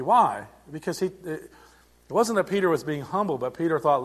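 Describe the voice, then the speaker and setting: A man's voice: fairly high pitch, expressive, brisk. Man preaching a sermon, conversational. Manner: conversational preaching with frequent restarts and swings in loudness. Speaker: pastor.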